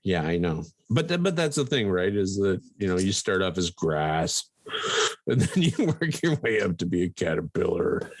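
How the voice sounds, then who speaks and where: A man's voice: low voice, sing-song, moderate pace, no room sound. A man co-hosting a podcast, chatting casually, swearing and laughing often. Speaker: podcast co-host. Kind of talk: casual chat.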